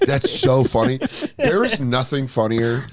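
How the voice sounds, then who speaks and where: A man chatting on a podcast, medium in pitch but very lively, swinging up and down as he tells a story. He swears freely and laughs his way through his lines. A crowd murmurs in the background. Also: a little slow. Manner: animated storyteller, jumps into high put-on voices for bits. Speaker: comedian guest. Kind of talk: casual podcast chat.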